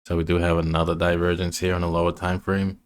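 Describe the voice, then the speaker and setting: A man's voice: low voice, level tone, fast, clear, resonant tone. A man casually walking through trading charts, rambling and restarting his sentences. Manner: rambling, restarts often, many fillers. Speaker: trading educator.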